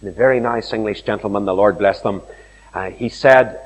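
Animated preacher in a reverberant hall. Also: male voice, on the low side, normal speed, breathy edge. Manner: animated storytelling, acting out quoted voices. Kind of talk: sermon.

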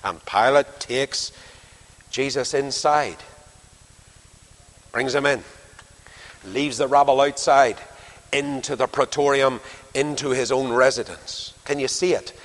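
A man's voice: medium pitch, takes it slowly, long pauses, long reverb tail. A man preaching a sermon, dramatically acting out dialogue with rising and falling intensity.

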